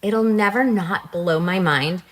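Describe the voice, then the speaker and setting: A woman's voice: fairly low pitch, measured pace. A woman co-hosting a podcast who chats casually and reacts emphatically. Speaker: podcast co-host.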